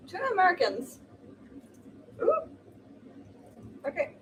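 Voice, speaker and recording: A woman's voice: mid-range voice, expressive, measured pace, pauses often. Chatty woman cooking, distant mic. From Sweden. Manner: chatty, exclamatory, laughs easily. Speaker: streamer. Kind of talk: casual chat while cooking. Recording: distant mic with noisy background.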